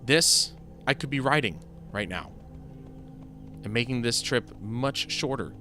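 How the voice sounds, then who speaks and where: A man's voice: mid-range voice, lively intonation, a little slow. Chatty man commenting on his gameplay. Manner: chatty, rambling, self-deprecating. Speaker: let's-play gamer. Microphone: desk mic that picks up key presses. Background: game music.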